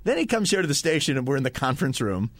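A male radio co-host chatting on air and telling a story, rambling and correcting himself as he goes. He has a mid-pitched voice, and the studio mic sounds dry and close. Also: sing-song, racing, no echo. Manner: rambling, with fillers and self-corrections. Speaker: radio talk show co-host. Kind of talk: casual on-air chat, storytelling.

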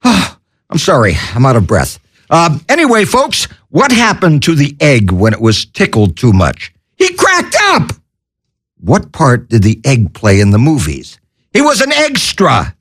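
A man hosting an internet comedy radio show, with manic, wacky patter, corny one-liners and bursts of yelling. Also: medium pitch, huge pitch swings, normal speed.

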